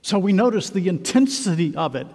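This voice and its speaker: A man preaching a sermon in a church, earnest and emphatic with measured pauses. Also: sits high, expressive, darkish tone. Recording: long reverb of a large hall.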